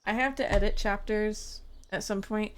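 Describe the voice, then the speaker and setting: A woman's voice: mid-range voice, steady tone, moderate pace, a little hiss or hum. A woman streaming a farming game in a casual chat, thinking aloud and answering her chat.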